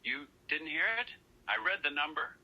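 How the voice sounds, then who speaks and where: A man's voice: a little high, normal speed, muffled recording. A man on a call who narrates his character in the third person and then acts out his exasperated quoted lines. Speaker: scambaiter posing as a caller.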